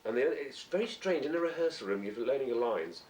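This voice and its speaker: A man's voice: mid-range voice, expressive, fairly quick, a little mellow. A middle-aged man, an actor, chatting as an interview guest and telling long rambling anecdotes. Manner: rambling anecdotes, acts out quoted voices. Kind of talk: casual chat. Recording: roomy distant amateur recording.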